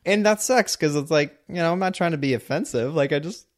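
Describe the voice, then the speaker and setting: Relaxed man in casual chat. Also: a little high, a little fast. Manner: relaxed, opinionated, says "like" often.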